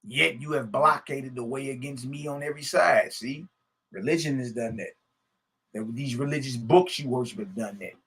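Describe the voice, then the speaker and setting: Reading a scripture text during a religious lesson, this man speaks at medium pitch and normal speed with a fairly bright tone over slight background noise. He drifts into laughing, casual asides, often prompting "Hmm?" and "Huh?".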